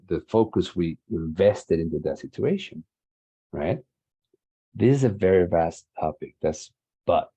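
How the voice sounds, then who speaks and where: A man's voice: sits low, mellow, breathy edge, no room sound. A man giving an earnest motivational talk, repeating phrases and guiding listeners through exercises, heard through dull lo-fi online session audio. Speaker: guest speaker on healing and masculinity.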